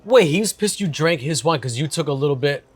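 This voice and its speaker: A man's voice: fairly high pitch, expressive, quick pace, breathy edge. A man co-hosting a show, reacting to a story with short comments. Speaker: co-host. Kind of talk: casual chat.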